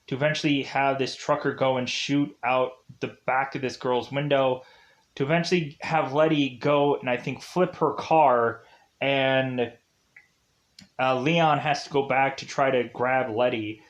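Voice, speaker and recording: A man's voice: medium pitch, fairly even intonation, normal speed. A young man casually recapping a movie's plot, rambling with lots of "like" and "uh" fillers. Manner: rambling, heavy use of "like" and "uh".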